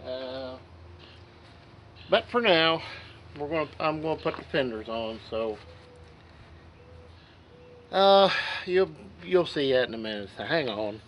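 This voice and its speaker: A man's voice: medium pitch, animated, takes it slowly, pauses often, fairly bright tone. A man who farms, talking plainly and thinking aloud as he works on a tractor, straining under heavy parts. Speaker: farmer vlogger. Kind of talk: casual narration while working. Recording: dull lo-fi sound with faint noise.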